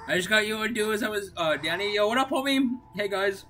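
Woman streamer, excitable, bright and animated, quiet game music underneath. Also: mid-range voice, quick pace, slight background noise. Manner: excitable, laughing often, swings from moping to yelling. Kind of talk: casual gaming chat.

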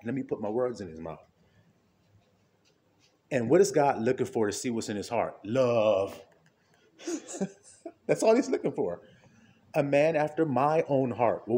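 Animated man preaching an informal sermon. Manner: conversational, rhetorical questions, frequent laughter; wide swings between low murmurs and high exclamations.

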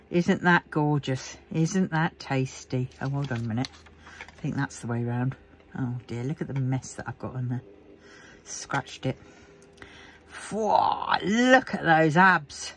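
A tired woman with a very deep, steady, darkish voice chats casually at a moderate pace while working on a craft project at home as a crafting vlogger. She yawns, grumbles, and jokes to herself in a self-mocking way, over a little hiss or hum.

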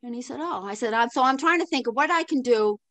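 Older woman guest, storyteller, higher pitch, dry close sound, laughs and acts out the voices. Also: fast talker, dry recording. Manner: animated storyteller, laughs often, acts out quoted dialogue. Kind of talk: storytelling interview.

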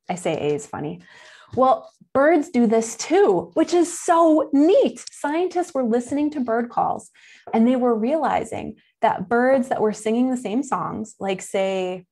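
Chatty and full of enthusiasm, a nature educator in her young adult years gives a lesson for kids in a Buffalo, New York accent. Her mid-range voice is slightly mellow, and she laughs and uses fillers as she goes.

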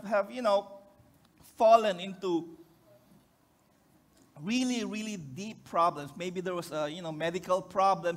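Filipino male pastor with a very high voice, chatty joking sermon that keeps checking in with the congregation. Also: fairly bright tone. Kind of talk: conversational sermon.

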